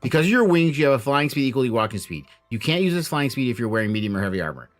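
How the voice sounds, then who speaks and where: A man who runs the tabletop game talks loosely, with plenty of fillers and restarts. His pitch swings widely, and there is faint music under the whole chat. His voice sits at an ordinary middle height. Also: racing. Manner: rambling, filler-heavy, animated. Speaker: game master.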